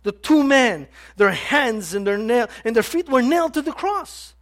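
Very high-voiced man preaching with passion. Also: lively intonation. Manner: impassioned preaching with halting restarts and sudden loud emphasis. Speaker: pastor. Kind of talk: sermon.

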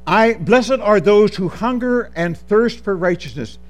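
A man preaching a sermon, calling for amens and swinging between soft asides and loud, drawn-out lines. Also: sits high. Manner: animated, calls for amens, swings from soft to shouting.

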